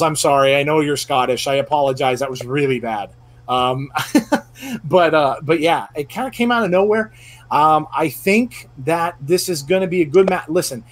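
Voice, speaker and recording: A man hosting a casual podcast round-table, rambling along with lots of fillers and restarts. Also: on the high side. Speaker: podcast host.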